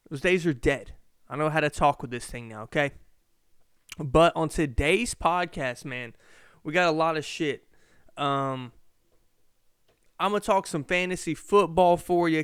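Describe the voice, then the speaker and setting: A young man with a slight lisp hosts his own podcast, rambling loosely, asking himself questions and swearing casually. His voice is a little high, very smooth, crisp and a bit bright, recorded dry and close with no echo.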